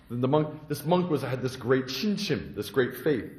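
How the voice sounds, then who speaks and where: A Zen monk from the United States tells a dharma story with a very lively, sweeping voice. His phrasing is simple, and he acts out each character. The sound is roomy and echoey. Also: mid-range voice, moderate pace, few pauses. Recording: echoey room.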